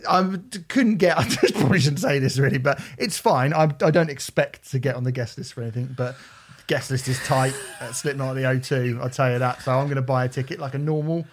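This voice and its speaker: A man's voice: medium pitch, fast talker. A man hosting a music podcast, chatting in a jokey way and laughing often. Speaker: podcast host. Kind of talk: casual chat.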